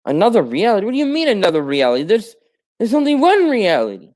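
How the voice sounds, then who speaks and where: A man voicing a bewildered, panicky stranded hero who speaks high, fast and exasperated. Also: lively intonation, a little mellow. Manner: high-pitched, exasperated, rushed.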